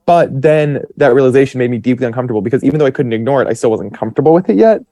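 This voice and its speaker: A man's voice: mid-range voice, animated, racing, warm tone, no echo, studio quality. A man in his twenties, a podcast guest, telling stories in a chatty, rambling way with lots of fillers and quoted self-talk. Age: 20s. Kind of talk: casual storytelling.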